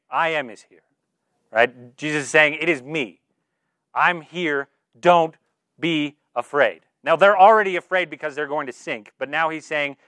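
Male preacher, fairly high smooth voice, chatty and earnest, dry close sound. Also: pushed and bright, no echo. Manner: earnest, informal, filler-heavy with "like". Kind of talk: conversational sermon.

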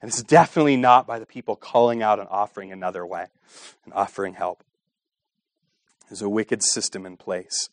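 A man preaching a sermon with impassioned delivery, asking rhetorical questions and swinging between hushed and raised passages. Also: on the low side, steady tone, fast, hardly any pauses, no room sound. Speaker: pastor.

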